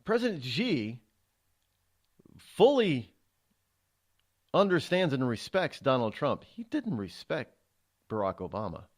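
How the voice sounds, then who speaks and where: A man's voice: medium pitch, sing-song, slow pace, long pauses. A male talk show host giving sarcastic, emphatic political commentary.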